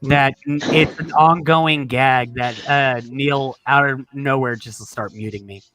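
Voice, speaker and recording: A man's voice: mid-range voice, fairly even intonation, measured pace, a bit bright, no echo, rough recording. A talkative man from Texas in a casual online chat, rambling and swearing freely.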